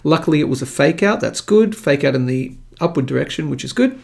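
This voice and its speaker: A man's voice: fairly high pitch, animated, brisk, vocal fry, darkish tone. A man with an Australian accent hosting a live market show, chatting in an upbeat, jokey way. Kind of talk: casual live-stream commentary.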